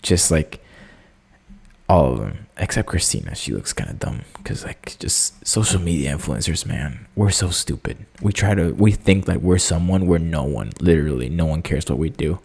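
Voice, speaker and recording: A young man hosting a casual solo podcast, talking in an animated, jokey way with lots of fillers. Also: moderate pace, creaky, breathy edge. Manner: animated, jokey, many fillers, squeaky excited impressions. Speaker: podcast host.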